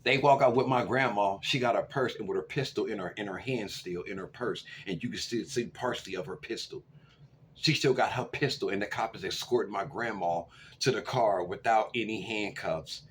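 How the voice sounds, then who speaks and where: A man in his forties telling a story to camera in a casual, animated way, swinging from loud outbursts to hushed asides. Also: lowish voice, moderate pace, a little hiss or hum. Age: 40s. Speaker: vlogger.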